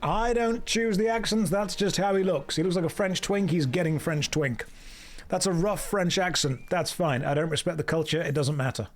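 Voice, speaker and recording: A man's voice: high-pitched, moderate pace, faint music behind. Sarcastic man streaming a game. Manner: sarcastic, jokey running commentary. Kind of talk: live game commentary.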